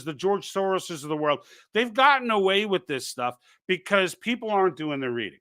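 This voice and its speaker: A man's voice: high-pitched, bright, forceful tone. A man hosting a live political stream, talking off the cuff in an urging, conversational way with frequent restarts and asides. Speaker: political livestream host. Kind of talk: unscripted live commentary.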